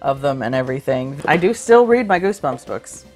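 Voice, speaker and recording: A woman in her thirties co-hosting a casual chat about thrift and flea market finds, excitable and jokey. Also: a bass voice, fairly quick, faint music behind. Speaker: co-host.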